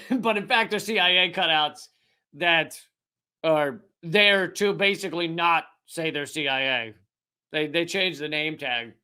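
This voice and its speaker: A man's voice: on the high side, moderate pace, bright, forceful tone, clean tone. A man hosting a comedic political commentary show, talking to camera in a sarcastic, profane monologue with rambling asides.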